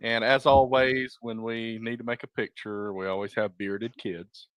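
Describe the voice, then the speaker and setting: A man's voice: medium pitch, flat delivery, unhurried, fairly bright tone, smooth, no echo. Easygoing guy leading a podcast chat, dry mic. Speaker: podcast host. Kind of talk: casual chat.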